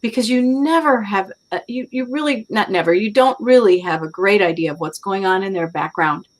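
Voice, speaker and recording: A woman's voice: medium pitch, fairly quick, rough recording. Upbeat encouraging woman host. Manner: encouraging, upbeat, laughs easily. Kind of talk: casual chat. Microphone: video call.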